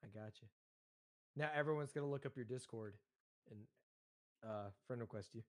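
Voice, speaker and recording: A man's voice: mid-range voice, normal speed, no room sound. A man co-hosting a casual comedy podcast who jokes constantly, laughs often and slips into silly voices. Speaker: podcast co-host.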